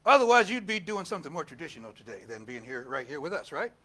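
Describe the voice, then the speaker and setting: An older man preaching a storytelling sermon as pastor, animated and laughing, acting out quotes in a raised voice. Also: fairly high pitch, fast talker.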